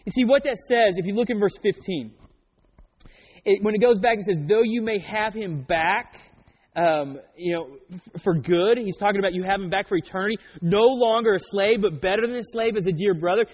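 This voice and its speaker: A man's voice: sits high, moderate pace. A man preaching a sermon as pastor, joking and telling stories in a conversational way. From Oklahoma. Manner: conversational storytelling with jokes. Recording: muffled sound in a reverberant hall.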